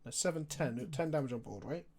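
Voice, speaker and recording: A man's voice: mid-range voice, a little fast, noisy background. A young man chatting casually on a live stream, talking through his card game plays and answering viewer questions.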